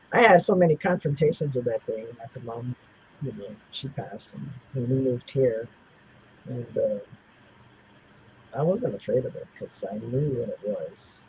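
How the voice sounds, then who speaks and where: Sharing personal stories in a casual interview, a man in his seventies rambles, restarting often and leaning on fillers. His voice is medium in pitch and dark in tone, captured on a muffled recording with slight background noise.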